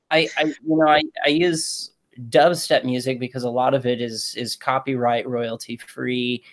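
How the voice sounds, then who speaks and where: A man's voice: mid-range voice, steady tone, unhurried. A man rambling through a casual live-stream chat as a co-host, reading out viewer comments, laughing often and trailing off with fillers.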